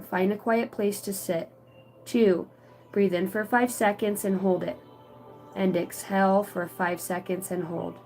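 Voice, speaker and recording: A woman leads an oracle card reading in a voice of ordinary middle pitch, moving between reading card text aloud and raw, emotional comments. Her asides are casual and include swearing. Gentle music plays faintly underneath. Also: rough recording. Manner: emotional, earnest. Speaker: psychic card reader.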